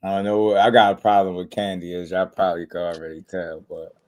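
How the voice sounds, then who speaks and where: A man's voice: low-pitched, level tone, fairly quick, darkish tone. A man hosting a boxing channel in casual chat, talking in laid-back slang and laughing often.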